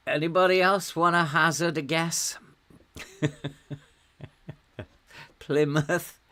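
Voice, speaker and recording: Slow-talking man with a soft Welsh accent. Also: medium pitch. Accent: softened Welsh, with some American words. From Wales. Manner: slow, chatty, laughs often while talking. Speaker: game streamer. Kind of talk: casual live-stream commentary.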